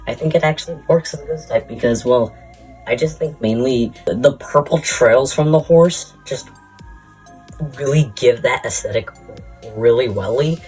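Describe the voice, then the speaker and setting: A man's voice: medium pitch, darkish tone, slightly rough, low-quality recording. Buiten adem pratende man, grof en rommelig. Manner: rambling, crude, jokingly insulting asides. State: out of breath. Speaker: YouTuber ranking Pokémon. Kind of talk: casual commentary.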